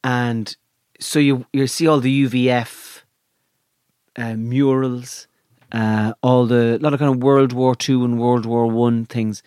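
A man's voice: mid-range voice, level tone, slow pace, a little mellow, smooth, no echo, studio quality. A man in casual podcast chat, swearing freely and telling stories with many restarts. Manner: swearing, restless storyteller with restarts.

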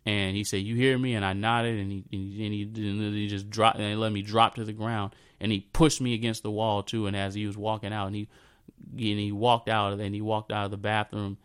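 A man in his thirties tells a personal story in a halting, repetitive way, often dropping into a soft, low voice. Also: completely flat delivery, clean tone. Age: 30s. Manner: halting, repeats himself, drifts into a soft low voice.

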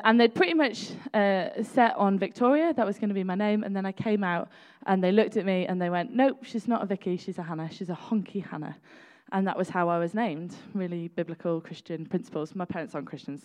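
A woman in her thirties giving a chatty sermon, with laughing asides and lively storytelling. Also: lowish voice. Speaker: preacher.

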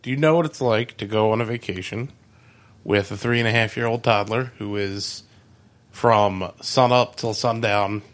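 A man's voice: fairly low pitch, moderate pace. Brief: male co-host, wry, mock-exasperated, casual. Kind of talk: casual chat.

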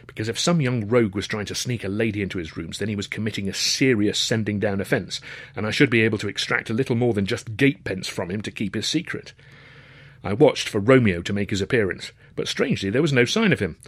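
A man's voice: on the low side, quick pace, husky, no room sound. A man reading his own novel aloud in a wry, dry-humoured, conversational storytelling manner. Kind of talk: storybook narration.

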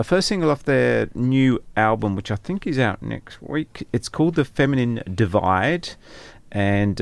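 Male radio DJ, playful on-air chatter, gravelly tone, close and dry. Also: mid-range voice, dry recording. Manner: chatty and playful, with light hesitations. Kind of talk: casual on-air chat. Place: radio studio.

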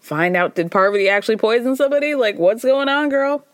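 A woman's voice: on the high side, lively intonation, brisk, no echo, clean studio sound. Chatty, gossipy woman podcast host. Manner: chatty, gossipy, wry, laughs often. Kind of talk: casual reality-TV recap chat.

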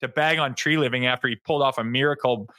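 A man co-hosting a sports podcast, talking in a heated, animated way and mocking critics in put-on voices. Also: mid-range voice, quick pace, no room sound. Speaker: co-host.

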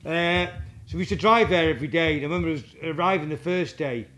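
A man, a guest drummer telling rambling, halting anecdotes in a casual interview. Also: a little high, fairly bright tone. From England.

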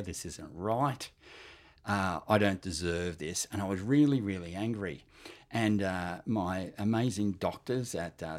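Brief: Australian man, fifties, low voice, candid personal testimony, halting and earnest. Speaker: cancer patient sharing his story.

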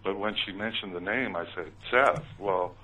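A man's voice: on the low side, fairly even intonation, a little fast, pushed and bright, recorded from a distance, low-quality recording. A man telling his story in an interview, talking hesitantly with many ums and uhs. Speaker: author recounting his experiences.

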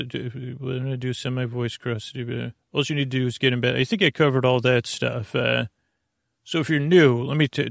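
A man hosting a sleep podcast, talking in a creaky, lulling, meandering way full of tangents and restarts. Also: medium pitch, dry recording, studio quality. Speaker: podcast host. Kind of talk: rambling bedtime talk.

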